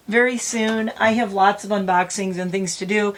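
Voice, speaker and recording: A woman's voice: medium pitch, steady tone, moderate pace, hardly any pauses. A middle-aged woman vlogging casually, rambling and close to tears, laughing through emotion. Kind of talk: emotional casual vlog talk.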